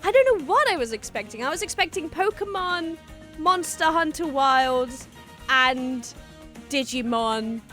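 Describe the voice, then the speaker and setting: A woman with a high, bright voice gives excited reaction commentary, her pitch swinging widely as she breaks into shouts and squeals. Faint music plays underneath. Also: unhurried. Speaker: reaction video host.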